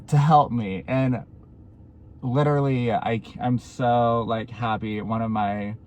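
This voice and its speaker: A man in his twenties, chatting in a casual vlog, gushing and swearing often. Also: lowish voice. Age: 20s. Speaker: vlogger.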